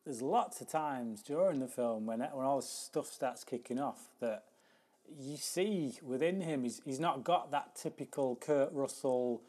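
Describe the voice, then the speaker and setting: A man co-hosts an easygoing film chat. He speaks slowly, at a middling pitch for a man. He is relaxed and tends to repeat a word before settling into his point. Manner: relaxed, repeats words when starting a thought. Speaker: podcast co-host. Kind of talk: casual film review chat.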